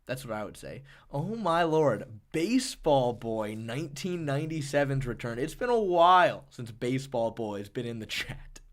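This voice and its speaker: A man's voice: medium pitch, normal speed, hardly any pauses. A man hosting a casual live stream, reading chat messages and rambling animatedly with plenty of swearing. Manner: animated, rambling, swears often, reads chat donations aloud. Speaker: streamer and MMA analyst.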